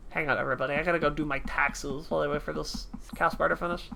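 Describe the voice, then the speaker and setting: A woman's voice: low-pitched, steady tone, fast, creaky, hardly any pauses, pushed and bright. A woman streaming a game, chatting casually with her viewers in a joking, self-mocking way. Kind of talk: casual gameplay chat with viewers.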